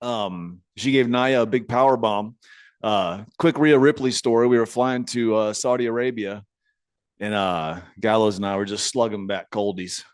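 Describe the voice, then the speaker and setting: A man's voice: fairly low pitch, normal speed, clear, resonant tone, no room sound. Rambling male podcast co-host, dry mic. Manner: rambling, animated, repeats himself, reads emails aloud. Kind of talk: casual podcast banter.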